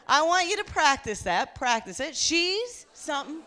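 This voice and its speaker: A woman's voice: sits high, big pitch swings, normal speed, sharp tone. A woman with a Newfoundland accent, a pastor preaching fervently at a women's conference. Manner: fervent, exhorting. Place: large room with an audience.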